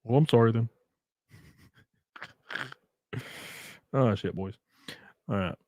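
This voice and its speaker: A man's voice: mid-range voice, slow pace, darkish tone, no echo. A man streaming casually, reading viewer comments and effusively thanking them in a loose, profane way. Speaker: streamer and race car driver.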